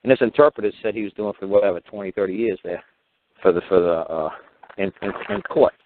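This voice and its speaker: Fast-talking, profane man on a tinny phone line. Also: lowish voice, lively intonation, slight background noise. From United States. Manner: blunt, profane, emphatic and repetitive. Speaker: regular talk show speaker. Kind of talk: casual storytelling monologue.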